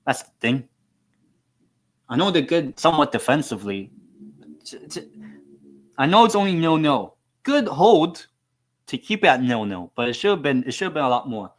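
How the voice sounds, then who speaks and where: A man's voice: on the high side, sing-song, moderate pace, long pauses. A man hosting a live football watchalong stream, chatting casually in a rambling, profane, self-mocking way.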